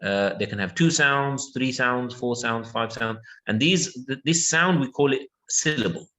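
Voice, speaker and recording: A man's voice: mid-range voice, unhurried, bright, forceful tone, rough recording. A man teaching an English lesson, patiently repeating words and checking that his student follows.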